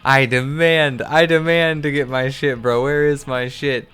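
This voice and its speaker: A man voicing a greedy, childish male alien hoarder with casual slang and rough swearing, close to his own smooth voice. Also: mid-range voice, steady tone, a little slow, a bit bright, natural voice. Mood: ranting.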